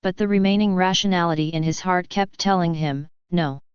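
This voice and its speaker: A woman reads a fan-fiction audiobook in a steady, even manner. Her voice is low and exceptionally clear, recorded dry and close with a slightly dull, lo-fi sound. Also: fairly quick, no room sound. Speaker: audiobook narrator. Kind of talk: scripted narration.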